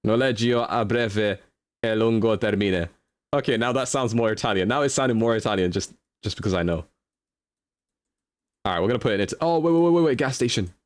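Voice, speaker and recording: A man's voice: mid-range voice, expressive, fast talker, no echo, studio quality. A young man streaming live, chatting casually as he thinks aloud through a guessing game and answers his chat.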